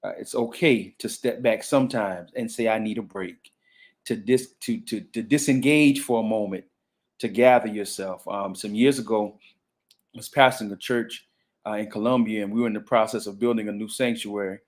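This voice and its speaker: Man, pastor, low-pitched, reflective, restarts often, conversational. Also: steady tone, normal speed. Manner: reflective, frequent restarts and fillers. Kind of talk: panel conversation.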